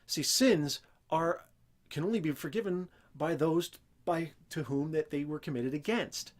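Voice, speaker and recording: A man's voice: a little high, a little slow. A man hosting a Christian teaching show, talking earnestly and emphatically without a script and breaking into raised voices when he quotes scripture. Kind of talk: unscripted religious teaching talk.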